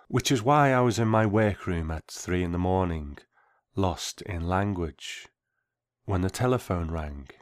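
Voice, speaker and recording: A man reading a first-person story aloud in a measured, reflective way. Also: low-pitched, dry recording, clean studio sound.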